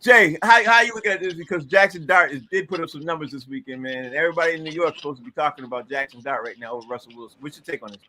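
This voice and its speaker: Bright-voiced male podcast host. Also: on the high side, very fast, hardly any pauses, a little hiss or hum. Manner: easygoing, asks questions, slangy. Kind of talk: casual sports chat.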